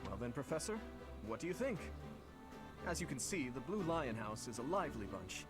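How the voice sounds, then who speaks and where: A man's voice: mid-range voice, sing-song, moderate pace, music in the background, lightly acted. A man voicing an earnest, dutiful young prince in a video game, speaking courteously and sincerely.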